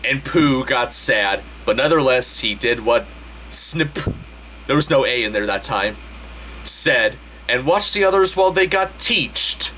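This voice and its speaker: A man hosting a comedic dramatic reading, deadpan and slow, with exasperated asides. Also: mid-range voice, slight background noise. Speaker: host.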